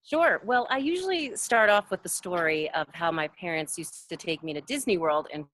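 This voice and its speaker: Animated woman telling stories, dry sound. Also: on the low side, normal speed, no echo. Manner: animated storyteller, acts out quoted voices. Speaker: guest, voice actor. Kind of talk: casual interview over video call. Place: home in a mountain town.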